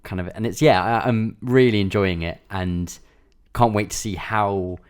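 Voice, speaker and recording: Man, podcast co-host, casual rambling chat, lower-pitched voice. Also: fairly even intonation, unhurried. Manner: rambling, lots of "kind of" and "like" fillers.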